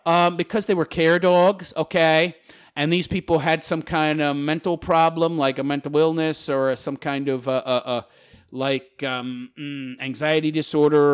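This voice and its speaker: Gravelly, sarcastic ranting man. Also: a little high. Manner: sarcastic, mocking, combative. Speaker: channel host reading viewer comments. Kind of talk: ranting commentary.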